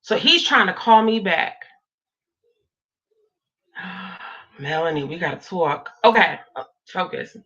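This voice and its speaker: A woman in her thirties telling a dramatic personal story in an animated, casual vlog. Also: fairly low pitch, takes it slowly, long pauses, slightly rough. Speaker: vlogger. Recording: dull lo-fi audio.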